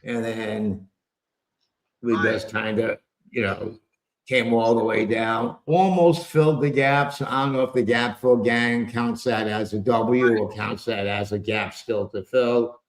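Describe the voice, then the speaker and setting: Slow, gravelly man talking markets. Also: medium pitch, steady tone, echoey room. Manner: rambling and wry, with loose asides and mild cursing. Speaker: trading show host. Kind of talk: casual market commentary on a live stream. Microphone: earpiece with a microphone.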